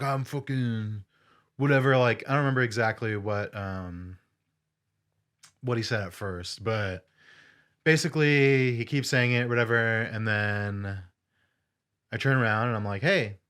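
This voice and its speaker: A young man co-hosting a podcast, telling a story in casual chat, animated and full of swearing. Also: on the low side, unhurried, pauses often, clear, resonant tone. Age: young adult. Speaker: podcast co-host.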